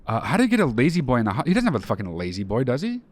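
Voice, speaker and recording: A man's voice: mid-range voice, huge pitch swings, racing. A young man hosting a podcast in casual chat, profane and jokey with mock outrage, a little nasal after being sick. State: slightly nasal after illness. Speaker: podcast host.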